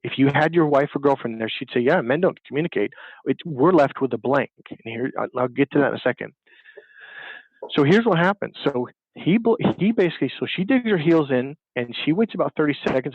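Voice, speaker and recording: A man with a mid-range, slightly breathy voice talks fairly quickly with lively intonation in an animated interview. As a dating coach, he tells stories and emphatically voices the people in them, and the audio sounds dull.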